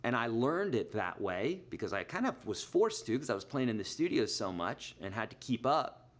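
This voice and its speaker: A man's voice: medium pitch, big pitch swings, moderate pace. Chatty middle-aged male guitar teacher. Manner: chatty, explains with everyday examples, counts beats aloud. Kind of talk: live online guitar lesson. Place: Nashville.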